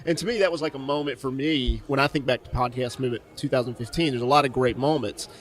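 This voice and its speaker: A man co-hosting an interview, telling an animated story with frequent laughter. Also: mid-range voice, fast talker. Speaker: co-host. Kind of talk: casual interview chat.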